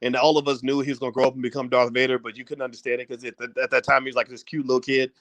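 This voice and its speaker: A man giving a casual, animated talk on finance straight to his viewers at a desk mic, with folksy asides. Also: medium pitch, rapid-fire, no room sound. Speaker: finance commentator. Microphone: desk microphone.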